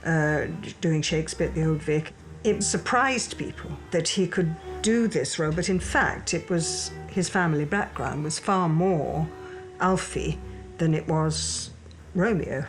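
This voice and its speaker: A woman recalls the theatre of her early years in a measured way. Her voice sits low, and faint music plays underneath. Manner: measured, recollecting.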